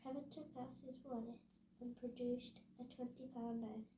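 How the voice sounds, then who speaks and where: A woman reading a children's book aloud, slowly and carefully, with small stumbles over words. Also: fairly high pitch, fairly even intonation, noisy background. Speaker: story reader. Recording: echoey room.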